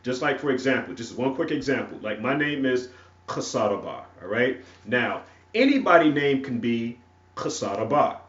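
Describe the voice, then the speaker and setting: A man with a rural North Carolina accent teaching a religious lesson. He talks in halting, repeated phrases and keeps checking in with "all right?". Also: mid-range voice, animated, fairly bright tone. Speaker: ministry teacher. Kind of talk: teaching a religious lesson while writing on a board. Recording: echoey room, far from mic, dull lo-fi.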